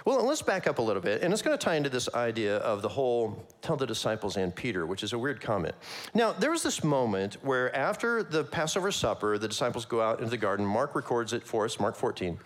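A man preaching a conversational sermon, casual and animated, with slangy asides and frequent laughs. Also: mid-range voice, quick pace. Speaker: pastor.

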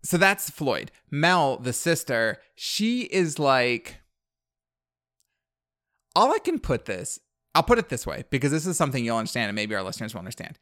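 A young man rambles through a movie recap on a podcast, stacking up "like" and breaking into laughs. His voice sits at an ordinary pitch and sounds close and dry. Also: sing-song, moderate pace, a bit bright, dry recording. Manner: rambling, filler-heavy, laughing often. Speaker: podcast co-host. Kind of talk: casual chat recapping a movie.

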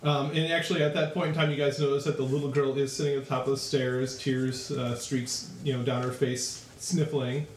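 A man's voice: medium pitch, little pitch movement, brisk, few pauses. A man narrating as game master of a tabletop game, rambling with many fillers. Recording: echoey room with faint noise.

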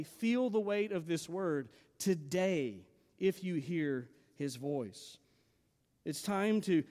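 A male pastor with a high voice delivers an earnest, emphatic sermon, driving home key phrases by repeating them. His voice rings with the long reverb of a church hall. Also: a little mellow.

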